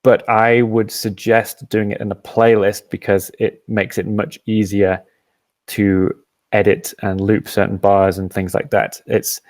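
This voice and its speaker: A man hosting a live app demo, patiently explaining each step and often pausing with "um". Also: lowish voice, level tone, a little mellow, no echo. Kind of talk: software demo and Q&A.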